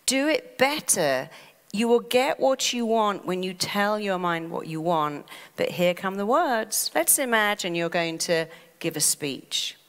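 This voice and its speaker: A woman therapist giving a motivational talk, lively and dramatizing inner voices. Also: mid-range voice, a little slow. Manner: lively, acts out inner voices in quoted asides. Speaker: therapist and self-help speaker.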